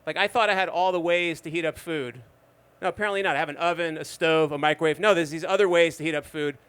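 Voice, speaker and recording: A man's voice: a little high, quick pace, a bit bright, clear, resonant tone. A man of fifty performing a stand-up set at a bar open mic, telling conversational stories with dry asides to the audience. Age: 50s. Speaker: stand-up comedian.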